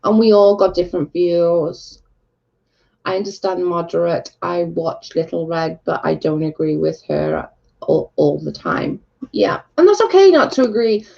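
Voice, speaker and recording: A woman's voice: lowish voice, unhurried, vocal fry. A woman chatting casually on a livestream, answering viewer comments in a blunt, candid, sweary way. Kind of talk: casual chat. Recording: dull lo-fi recording.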